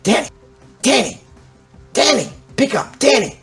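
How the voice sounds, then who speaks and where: A panicked young woman survivor in a zombie tabletop game, as a man puts her on. The voice sits high above his own and pushes out loud, urgent calls. A faint music bed plays underneath. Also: very animated, measured pace, gravelly, full character voice. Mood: frantic. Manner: urgent hushed warnings and frantic calls.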